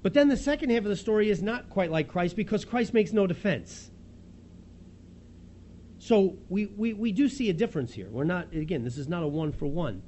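A man preaching a sermon, retelling a story in a lively, chuckling way as if he can see it happen. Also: high voice, moderate pace, slight background noise. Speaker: pastor.

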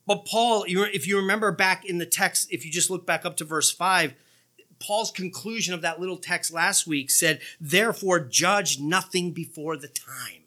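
A man preaching a sermon to a church congregation, animated and leaning into sarcastic emphasis, with quick asides to the crowd. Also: sits high.

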